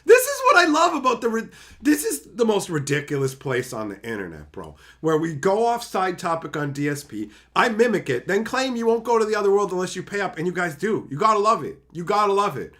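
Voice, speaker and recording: A man from Canada reading chat messages aloud and chatting casually on his livestream, jokey and animated, often slipping into mocking voices. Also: sits high, brisk.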